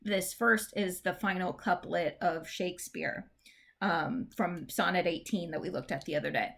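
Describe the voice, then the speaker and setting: A woman teacher giving a recorded English lesson. She explains in a chatty, informal way and reads verse lines slowly, stressing the beats. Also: fairly low pitch, gravelly, fairly bright tone. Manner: chatty, informal fillers and restarts.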